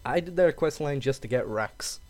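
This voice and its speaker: Man, casual gaming podcast chat, animated, laughs a lot, middling pitch. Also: moderate pace, faint music behind. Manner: animated, laughs often, acts out voices. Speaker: podcast co-host.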